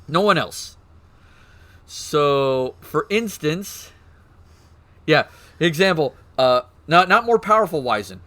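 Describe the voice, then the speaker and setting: A male streamer with a fairly high voice talks slowly and pauses often while excitedly explaining game lore. The chat is casual, with swearing and laughter.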